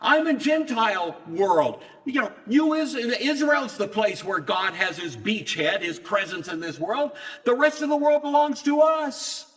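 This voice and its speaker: A man's voice: big pitch swings, measured pace, hardly any pauses, in a large hall, exaggerated voice. A preacher putting on a shrieking, defiant male demon. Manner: high, loud, indignant protest.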